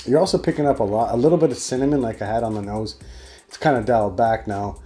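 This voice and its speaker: A man's voice: mid-range voice, fast, warm tone, faint music behind. A man giving a chatty, rambling solo beer review.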